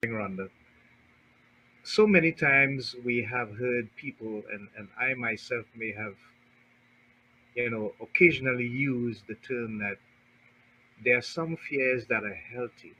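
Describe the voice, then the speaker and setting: Radio host guy, bright and kinda raspy, long winding question. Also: mid-range voice, slow pace, pauses often, dull audio. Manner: searching, repeats words as he frames a long question. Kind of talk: interview question.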